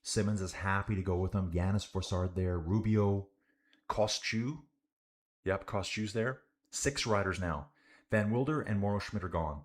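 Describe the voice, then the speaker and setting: A young man with a lowish voice commentating a bike race live for his stream. He keeps it loose and chatty, calling his viewers guys and dude as he follows the riders and reads out comments. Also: a little slow. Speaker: livestream cycling commentator.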